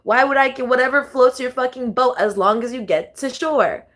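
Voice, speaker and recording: A woman's voice: high voice, moderate pace, a bit bright. A young adult woman doing a casual tarot reading vlog, talking straight to her viewers, swearing freely and laughing often. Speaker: tarot reader.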